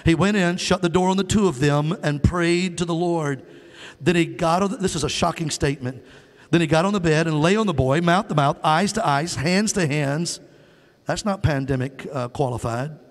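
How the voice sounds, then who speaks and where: A man's voice: fairly high pitch, normal speed. A male guest preacher delivering a sermon, calling on the crowd to answer and raise their hands and acting out the scripture in quoted voices. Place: church sanctuary. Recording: long hall reverb.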